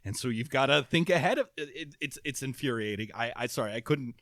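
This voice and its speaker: A man co-hosting a podcast in casual chat, animated and quick to laugh, often restarting his sentences. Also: mid-range voice, dry recording, studio quality. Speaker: podcast co-host.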